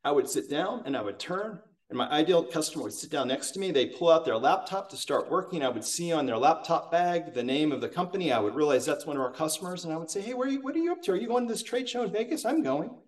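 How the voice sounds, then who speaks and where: A man voicing a calm, veteran saleswoman who asks friendly questions one after another. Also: on the high side, quick pace, few pauses, far from the mic, pitched above the performer's own voice, close to an everyday voice. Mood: curious. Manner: friendly, asking many questions. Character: calm, curious senior saleswoman, veteran partner.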